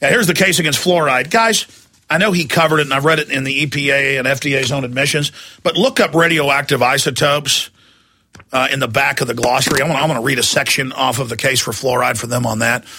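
A man hosting a talk radio show, delivering an angry, sarcastic rant that often breaks into shouting. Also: mid-range voice.

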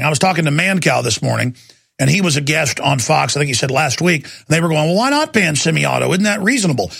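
A man's voice: on the high side, vocal fry, fairly bright tone. A man hosting a talk radio show, ranting emphatically and hammering key words over and over.

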